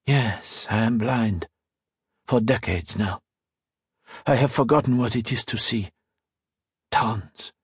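A man reading the part of an elderly blind priest who speaks softly and slowly. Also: mid-range voice, husky, no room sound, clean studio sound. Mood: gentle. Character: elderly blind male priest, gentle, soft-spoken.

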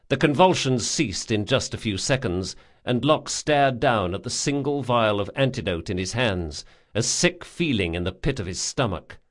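Expressive male audiobook narrator. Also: on the low side. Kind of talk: scripted narration.

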